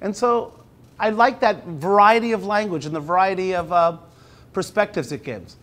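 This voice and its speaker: Casting: man, high pitch, relaxed presenter with restarts, slows for read-alouds. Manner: conversational, with restarts; slows down when reading aloud. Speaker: teacher presenting at a university talk. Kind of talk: conference presentation.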